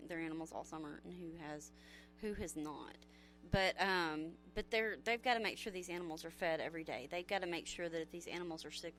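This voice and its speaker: A woman's voice: on the low side, fairly bright tone. A woman guest on a radio talk show, chatting and giving practical tips. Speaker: agriculture extension guest.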